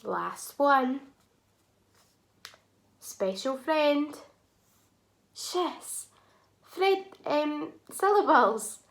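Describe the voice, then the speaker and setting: A woman teaching a phonics lesson to young children, sounding out words slowly and clearly and praising often. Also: on the high side, animated, fairly bright tone.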